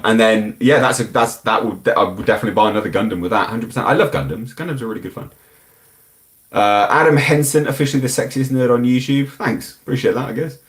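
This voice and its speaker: A British man from the United Kingdom runs a live stream, answering viewer comments in a casual, blunt, rambling way. His voice is on the low side with a fairly bright tone.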